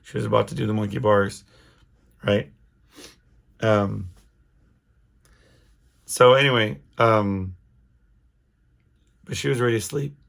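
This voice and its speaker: A man's voice: fairly low pitch, fairly even intonation, slow pace, creaky, pauses often, a bit bright. A middle-aged man hosting his own podcast, talking alone in a casual, rambling way with lots of restarts and fillers. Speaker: podcast host. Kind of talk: casual solo monologue.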